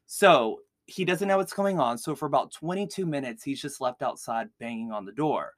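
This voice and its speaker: A man's voice: medium pitch, normal speed, no room sound. A man hosting a podcast, casually telling a true-crime story with lots of "like" fillers. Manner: chatty, heavy use of "like" fillers. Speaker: podcast host.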